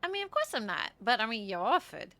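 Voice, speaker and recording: A woman's voice: on the high side, very animated, a little fast, pushed and bright, no room sound, heavily acted. A woman playing a cheeky character who teases and angles for gifts in an online role-play. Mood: teasing. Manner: teasing, bouncy, laughs easily. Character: cheeky woman angling for a gift car.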